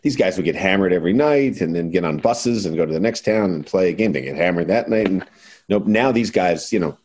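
A man's voice: low voice, lively intonation, a little fast, a little mellow, slightly rough. A man from the United States hosting a casual sports talk show, blunt and opinionated. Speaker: podcast host.

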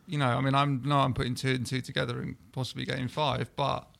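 A man talks as a guest in a casual chat, with a gravelly edge in a mid-range voice. He hesitates and leans on fillers as he explains. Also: mid-range voice, flat delivery, fast, a bit bright.

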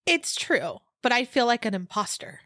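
A woman's voice: fairly high pitch, sing-song, moderate pace, a bit bright, dry recording, clean studio sound. Chatty woman co-hosting a podcast. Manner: chatty, laughs often. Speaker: podcast co-host. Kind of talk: casual chat.

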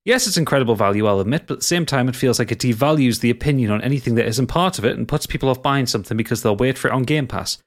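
Speaking very fast with hardly any pauses, a Geordie podcast co-host from North East England with a medium-pitched voice works through listener messages, reading them out and cracking jokes as he goes.

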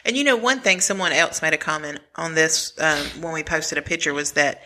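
A man co-hosting a casual podcast, asking questions and chiming in with quick remarks. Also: a little high, bright, forceful tone. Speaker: podcast co-host. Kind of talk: casual chat.

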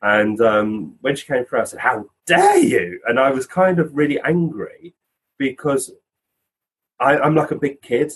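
Man, husky voice, medium-pitched, casual storytelling, does little voices for people in his tales. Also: normal speed, low-quality recording. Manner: animated storyteller, acts out quoted voices. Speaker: physical medium, podcast guest.

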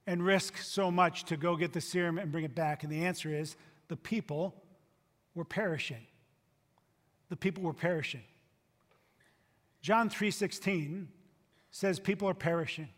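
A man with a high, bright, ringing voice preaches a sermon with emphatic force, rising loud and then dropping to a hush. His voice carries the long reverb of a large hall. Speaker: pastor.

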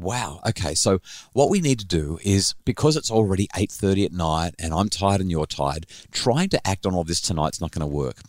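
A middle-aged man with a fairly low voice hosts a parenting podcast, telling a family story. He speaks in an animated way and often restarts his sentences. His voice sounds close and dry, with no room echo.

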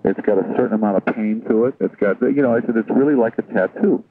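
A man with a fairly low voice speaks casually, looping back over phrases as he goes. He sounds distant and dry. The sound is squeezed into a tinny phone-line band. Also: fast talker, slight background noise. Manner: relaxed, repeats and restarts phrases. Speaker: interview guest. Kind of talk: casual interview.

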